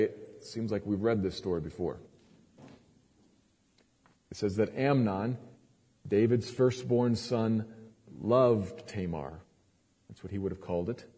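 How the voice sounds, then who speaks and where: Guy preaching scripture, low husky dark voice, big reverby hall. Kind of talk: scripture reading and sermon.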